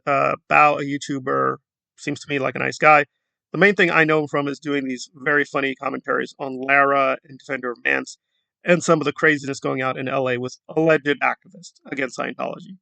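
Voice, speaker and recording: A male YouTube commentator talks casually in a flat, monotone way. His voice sits a little high, with a gravelly, bright edge. The sound is close and dry. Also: dry recording. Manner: self-described monotone delivery.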